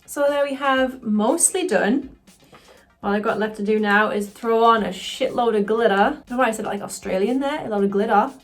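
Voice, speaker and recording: A woman chatting casually through a makeup tutorial, excitable and quick to swear. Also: on the high side, soft background music. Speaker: cosplayer doing a makeup tutorial.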